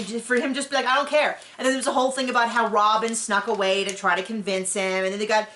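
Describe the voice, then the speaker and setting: A woman's voice: mid-range voice, a bit bright, a little hiss or hum. A woman hosting a podcast, recapping a reality show in casual, opinionated chat with frequent restarts. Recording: roomy echo.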